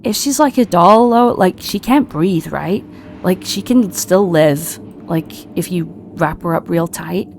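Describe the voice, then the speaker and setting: Woman, game master, chatty, giggly, lowish pitch. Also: measured pace, a little mellow, faint music behind. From United Kingdom. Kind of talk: narrating a tabletop game.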